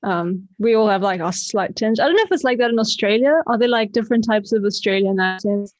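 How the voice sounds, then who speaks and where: A woman's voice: medium pitch, brisk, a little mellow, no room sound, highs cut off. A South African woman guesting on a podcast, chatting in a rambling way with lots of fillers. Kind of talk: casual chat.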